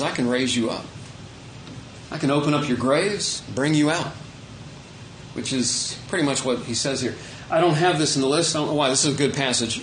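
A man preaching an unscripted, conversational sermon as pastor, shifting between emphatic points and quiet asides. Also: a little high, echoey room, a little hiss or hum, low-quality recording.

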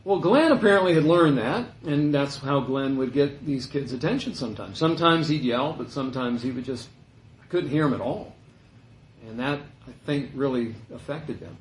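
A middle-aged man preaching a sermon in a conversational, storytelling way, dropping to a hush and rising again. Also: mid-range voice, moderate pace, echoey room, slight background noise, poor audio. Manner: conversational, anecdotal, shifts between loud and hushed.

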